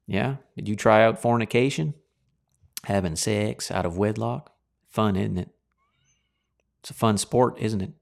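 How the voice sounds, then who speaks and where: A man's voice: lowish voice, a little slow, vocal fry, pauses often. A man preaching a sermon in a dramatic, colloquial way, full of rhetorical questions.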